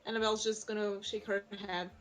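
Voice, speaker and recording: A woman playing a tabletop game, chatting in a casual, animated way. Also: mid-range voice, brisk, slight background noise, rough recording. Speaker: player.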